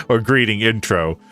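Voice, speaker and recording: A man streaming a video game, chatting with his viewers and reacting out loud, laughing often. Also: fairly low pitch. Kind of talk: live-stream game commentary.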